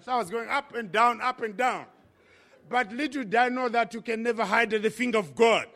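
A man from Africa telling his conversion story as a sermon testimony, impassioned with dramatic pauses. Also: very high-pitched, sharp tone. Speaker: preacher.

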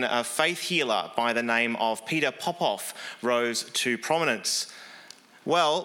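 A male preacher with a somewhat high, bright and forceful voice. He delivers his sermon earnestly and conversationally, sprinkling in ums and uhs as he explains.

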